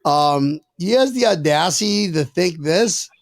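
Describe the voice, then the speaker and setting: Man, podcast host, profane joking banter, high pitched, gravelly. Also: animated, unhurried, no room sound, clean studio sound. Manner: brash, profane, loud joking. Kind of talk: casual sports podcast banter.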